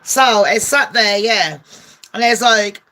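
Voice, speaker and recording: A woman rattles off comic gossip commentary with a bright, sharp-edged voice. She is brash and sarcastic, swearing freely as she talks. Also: mid-range voice, takes it slowly. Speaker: gossip vlogger.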